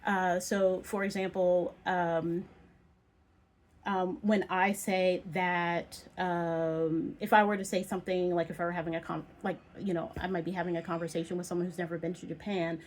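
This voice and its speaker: Rambling, thoughtful woman with a lowish voice. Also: flat delivery, normal speed. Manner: thoughtful, rambling with many ums and restarts. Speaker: video essayist. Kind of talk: casual monologue to camera.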